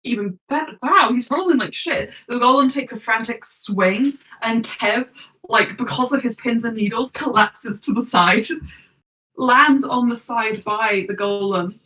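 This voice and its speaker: A woman's voice: a little high, a little slow, bright, forceful tone, recorded from a distance, low-quality recording. A woman narrating as game master for a tabletop game, chatty and giggly.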